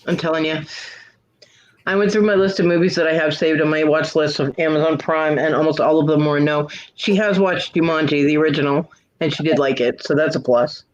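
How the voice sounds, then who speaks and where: A woman hosting a casual live stream hangout, chatting in an animated way and laughing often. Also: deep voice, brisk, highs cut off. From United States. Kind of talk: casual chat.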